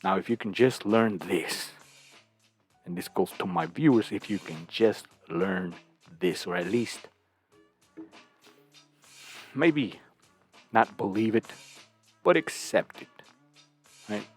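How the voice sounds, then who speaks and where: A man talks slowly and bluntly in a low, husky, gravelly voice. He gives crude reaction commentary on clips and keeps asking rhetorical questions, with faint music underneath. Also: lively intonation. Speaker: channel host reacting to clips.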